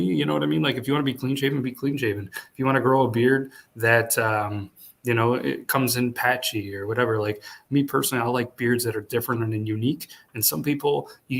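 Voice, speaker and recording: A man's voice: medium pitch, creaky. Guy from upstate new york hosting a chill podcast, mid voice, lots of um and you know. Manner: relaxed, rambling with fillers. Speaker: podcast host. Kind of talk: casual chat. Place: hotel room.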